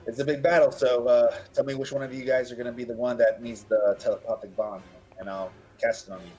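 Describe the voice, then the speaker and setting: A man's voice: medium pitch, steady tone, quick pace, darkish tone, husky, faint music behind, pitched above the performer's own voice, lightly acted, poor audio. A man voicing a casual, plain-spoken wizard ally in a tabletop game.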